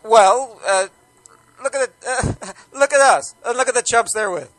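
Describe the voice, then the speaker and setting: Chuckling, high-voiced male radio guest. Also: moderate pace, a bit bright, no room sound, poor audio. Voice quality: laughs between words, stumbles and repeats. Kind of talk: joking live radio banter.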